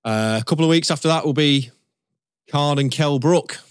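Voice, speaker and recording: A man co-hosting a podcast, giving measured, opinionated takes in casual chat. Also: fairly high pitch, smooth, no room sound, clean studio sound. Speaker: podcast co-host.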